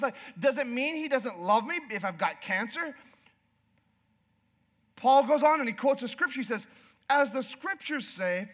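A pastor with a high-pitched male voice delivers a church sermon, shifting from hushed, quiet storytelling to loud, fervent declarations. He often trips over repeated words as he starts his sentences again.

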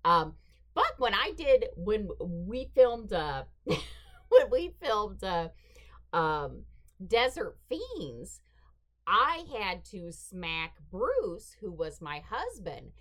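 A middle-aged woman hosting a podcast, telling a story in a casual, animated way and acting out what people said. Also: mid-range voice, drawn-out words. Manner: animated, acts out quoted dialogue. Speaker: podcast host.

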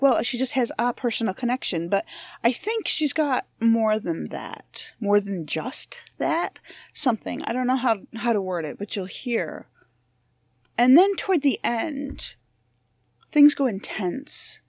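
A woman's voice: on the high side, very animated, a little slow, a little mellow, dry recording. Frank, swearing woman podcast host. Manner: frank, profane, self-deprecating. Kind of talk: casual monologue intro.

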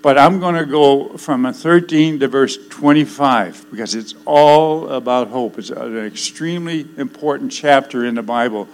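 An older man preaching a sermon, swinging between loud declarations and hushed, solemn passages. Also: mid-range voice, moderate pace, few pauses, low-quality recording.

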